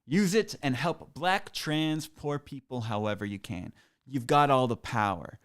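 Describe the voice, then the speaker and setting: A man's voice: medium pitch, unhurried, fairly bright tone, natural voice. A man voicing an earnest activist who pleads urgently and emphatically in a text message he reads aloud. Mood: urgent pleading.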